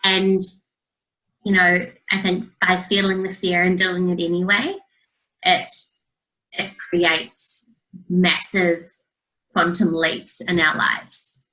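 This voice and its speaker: A young woman speaks in a bright, forceful tone that sits fairly low. She talks earnestly and motivationally as an interview guest, with plenty of "you know" fillers. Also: level tone, slow, pauses often, rough recording. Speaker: guest, master coach. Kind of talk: casual interview chat over video call.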